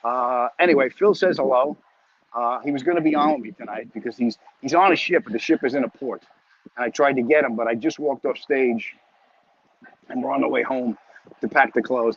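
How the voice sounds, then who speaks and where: A man's voice: medium pitch, a little fast, husky, dull audio. A comedian chatting casually with viewers and reading their comments as he walks home, a bit winded, talking into a phone. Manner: rambling, joking, chatty. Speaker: comedian hosting a weekly live chat. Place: outdoors, walking home.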